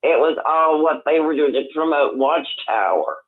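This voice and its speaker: An older man calling in on the phone, talking in a rambling, halting way with many restarts. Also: a little high, animated. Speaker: caller. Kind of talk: casual phone chat. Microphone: telephone. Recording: tinny phone line.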